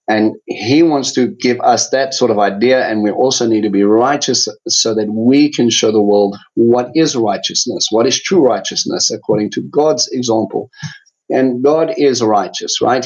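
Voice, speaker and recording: A man's voice: medium pitch, a little slow. Man teaching Bible study over dull audio. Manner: chatty, many fillers and restarts.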